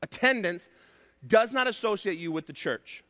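A male pastor preaching a sermon, emphatic and repeating his key points, slowing down to stress words. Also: high voice, animated, pushed and bright. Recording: long hall reverb.

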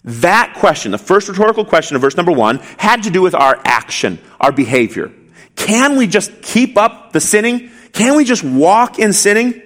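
A man's voice: high voice, sing-song, moderate pace, a bit bright. A male pastor preaching an expository sermon, emphatic, asking rhetorical questions and repeating key phrases.

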